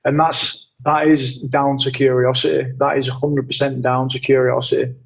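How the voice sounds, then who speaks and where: Man as a podcast guest, earnest and self-reflective, speaks in a level, even tone. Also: mid-range voice, moderate pace, creaky, few pauses, rough recording. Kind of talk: casual conversation.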